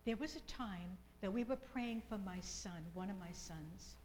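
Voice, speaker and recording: Slow, fervent woman preacher. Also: medium pitch, a little hiss or hum, rough recording. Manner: fervent, repeats phrases, drops to soft whispers in prayer. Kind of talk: sermon.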